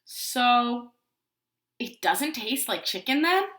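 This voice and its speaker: A woman voicing a sweet, curious and tricky little male duckling in a squeaky, innocent, coaxing voice. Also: big pitch swings, slow, sharp tone, exaggerated voice. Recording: roomy echo.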